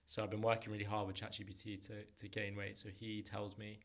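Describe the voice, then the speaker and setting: A man in his thirties, a comedian guest chatting casually on a podcast in an animated, jokey way and quick to laugh. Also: fairly low pitch. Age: 30s.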